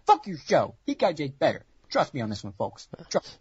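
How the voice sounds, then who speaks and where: Man, husky voice, profane comic rant, loud then hushed, dull lo-fi sound. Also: fairly high pitch, wildly swooping pitch, brisk, no echo. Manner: wild swings from shouting to hushed mock-solemn tones. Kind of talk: profane over-the-top comedic rant. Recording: dull lo-fi recording.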